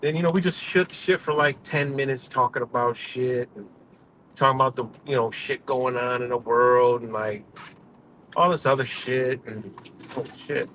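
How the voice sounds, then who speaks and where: A man with a mid-range, fairly bright voice talks at normal speed while live streaming from behind the wheel on a highway. He tells a rambling, profane story and laughs often, in casual storytelling style. Faint road and vehicle noise sits underneath.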